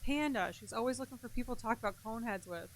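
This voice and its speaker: A young woman streamer chatting casually with her stream chat while gaming, animated, laughing often, and reading messages aloud between loud outbursts and quiet mumbles. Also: fairly high pitch, rapid-fire, no echo.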